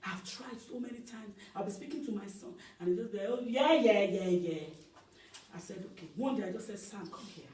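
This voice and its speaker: A middle-aged woman pastor, preaching a sermon in an animated storytelling way that rises at times into shouts. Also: medium pitch, a little fast, a little hiss or hum. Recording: echoey hall, voice from far off.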